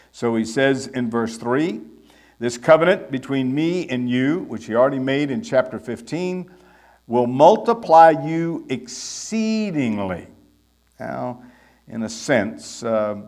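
A man preaching an expository Bible sermon, reading verses aloud with rising emphasis and pausing on fillers between phrases. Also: medium pitch. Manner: emphatic, reads scripture aloud with rising force. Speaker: Bible teacher.

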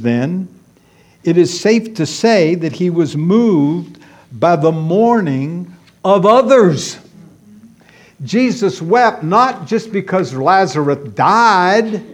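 A man preaching a sermon, emphatic and repeating key words for stress. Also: on the high side.

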